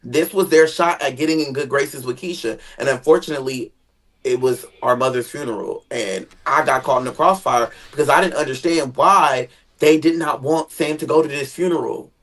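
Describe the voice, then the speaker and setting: Animated, foul-mouthed gossiping guest. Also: moderate pace. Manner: animated, swings into high dramatic tones, swears freely. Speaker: guest sharing family stories. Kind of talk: casual gossip chat.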